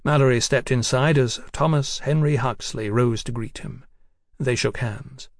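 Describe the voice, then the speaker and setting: The voice is a man's, mid-range, narrating a novel as an audiobook in an even, measured storytelling style. It's scripted narration, recorded dry with clean studio sound.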